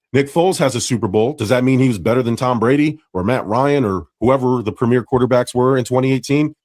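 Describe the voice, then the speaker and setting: A man's voice: mid-range voice, darkish tone, dry recording, clean studio sound. A man giving a blunt, mocking sports opinion rant, with profane trash talk aimed at rival fans. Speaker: sports commentator in a played clip.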